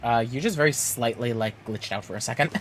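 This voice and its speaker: A man streaming an online game, chatting casually and haltingly with his co-player. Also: medium pitch, noisy background. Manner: laid-back, halting, with frequent fillers. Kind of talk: casual chat while gaming.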